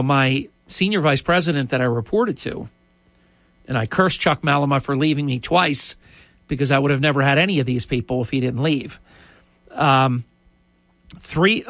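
A middle-aged man tells a story in a loose, chatty way, circling back with asides and restarts. His voice sits a little high for a man. The recording is dry and close, with no room sound. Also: a bit bright, no echo. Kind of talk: casual storytelling monologue.

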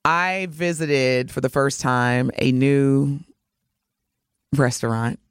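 A woman co-hosting a radio talk show, telling a story with animated flair and laughing as she talks. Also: a bass voice, slow pace, clear, resonant tone, no echo, clean studio sound. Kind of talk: casual radio banter. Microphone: studio microphone.

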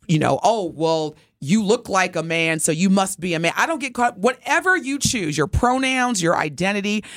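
Middle-aged woman co-host, lively animated delivery, dry close sound, casual storytelling. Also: medium pitch, no echo. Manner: animated, expressive storyteller addressing listeners directly. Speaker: podcast co-host.

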